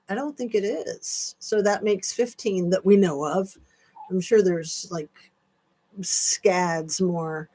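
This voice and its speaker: Slow-talking woman livestream host. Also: medium pitch. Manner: chatty, scattered, reacting to comments. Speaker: channel host. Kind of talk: casual livestream chat.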